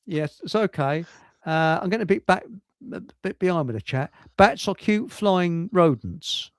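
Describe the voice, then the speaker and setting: A man's voice: high-pitched, animated, moderate pace, clean tone, no echo. An older man hosting a livestream, rambling through jokes and reading chat messages aloud with frequent chuckles. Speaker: livestream host. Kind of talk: casual chat telling jokes.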